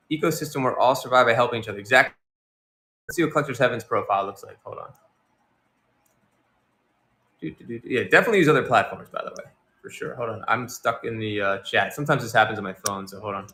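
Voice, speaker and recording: A man's voice: mid-range voice, bright, forceful tone. A man hosting a casual livestream, chatting loosely and reading out and answering viewer comments. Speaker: livestream host.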